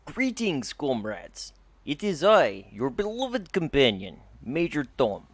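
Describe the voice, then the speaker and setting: A man playing a grandiose accented adventurer, solemn and theatrical, lively swooping delivery, dry sound. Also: medium pitch, takes it slowly, no room sound. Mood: solemn farewell. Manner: solemn, theatrical speech-making. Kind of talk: tabletop role-play.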